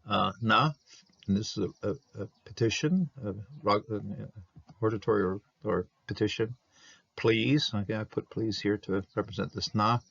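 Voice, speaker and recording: A man explaining an old text word by word, halting and thinking aloud with many fillers and restarts. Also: on the low side, vocal fry, a bit bright, slightly rough, dry recording, muffled recording. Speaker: Hebrew Bible teacher.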